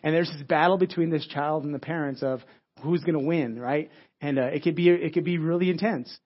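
A man preaching in a loose, conversational sermon style, stumbling over and restarting his words and tagging lines with "right?". He talks at a fast clip in a slightly high voice, and the recording sounds dull and lo-fi. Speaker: pastor. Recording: dull lo-fi audio.

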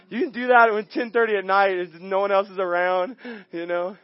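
A guest pastor telling a story in his sermon, animated and chuckling, often restarting his sentences. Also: sits high, lo-fi sound. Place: church sanctuary.

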